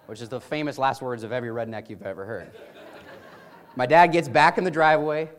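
A man with a mid-pitched voice tells a family story in a loose, chatty way. He sounds amused and often restarts his sentences as he goes. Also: animated, quick pace. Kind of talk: casual personal anecdote.

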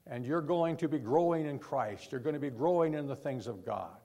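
A man preaching a sermon to a congregation, pleading and emphatic, pushing hard before dropping low. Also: expressive, fairly quick, dark tone.

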